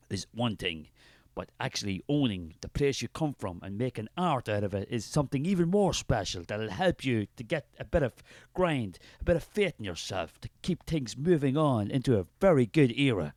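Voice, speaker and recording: An Irish man putting on a preachy, fervent spirit of art, a low, loud and forceful man who rambles on grandly in a comic sketch. The voice swings widely in pitch, and the sound is dry and close. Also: lively intonation, normal speed, no room sound, close to an everyday voice.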